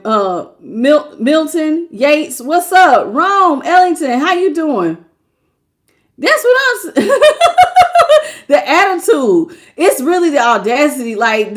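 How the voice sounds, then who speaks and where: Animated laughing woman tarot reader. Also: sits high. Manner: animated, laughing, slangy, acts out quotes. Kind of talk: live tarot reading stream.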